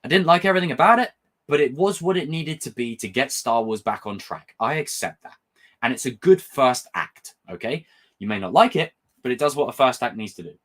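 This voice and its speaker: A young man reviews a show in a casual vlog, animated and passionate, rambling and swearing often. As a film and TV reviewer, he talks briskly in a mid-range voice.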